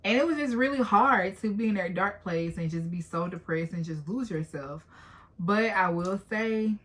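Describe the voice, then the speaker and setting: Vlogger, woman, late 20s, lower voice, open and heartfelt, speaks directly to camera. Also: pushed and bright. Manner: candid, emotional, talks straight to viewers. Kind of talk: personal vlog talk.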